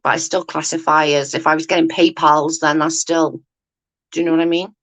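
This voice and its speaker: A woman's voice: sits low, little pitch movement, brisk, a bit bright, poor audio. Rambling woman streaming casually. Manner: rambling, self-correcting, often asks "do you know what I mean". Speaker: YouTube commentator. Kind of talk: casual livestream chat, reading viewer comments.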